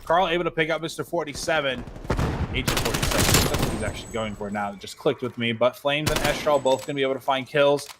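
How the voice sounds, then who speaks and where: Male esports caster, rapid jokey play-by-play, noisy game audio behind. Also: mid-range voice. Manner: fast, excitable, jokey. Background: game gunfire and clicks.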